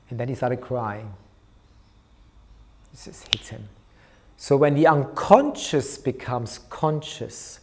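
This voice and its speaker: A man lecturing on art therapy, recounting a clinical case and acting out the dialogue between therapist and child, growing soft for the tender moments. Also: mid-range voice. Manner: storytelling, softens his voice for tender moments.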